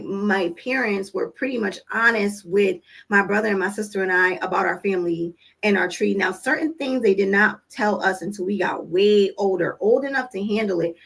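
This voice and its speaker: A woman's voice: medium pitch, vocal fry, a bit bright, breathy edge, low-quality recording. A woman vlogging to camera about parenting in a casual monologue, telling stories and acting out what people said, with an earnest, coaching tone. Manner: conversational storytelling, acting out quoted dialogue; earnest, coaching tone with direct questions to listeners.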